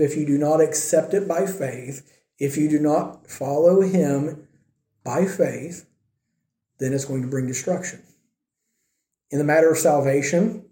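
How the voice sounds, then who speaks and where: A man preaches a sermon, and he acts out the quoted speakers in his own voice. His voice sits high and sounds mellow. The room around him is echoey. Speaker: pastor.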